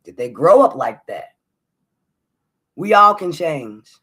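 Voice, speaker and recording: A woman's voice: low voice, very animated, slow pace, husky. A woman hosting a heartfelt solo podcast, talking earnestly and openly straight to her listeners in a casual, friendly way. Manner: casual, warm address with "y'all". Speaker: podcast host.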